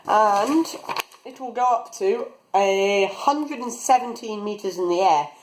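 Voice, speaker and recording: A man's voice: high voice, measured pace, low-quality recording. A teenage young man chatting casually while building a model rocket, rambling as he works, recorded on a phone camera. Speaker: hobby rocketry vlogger.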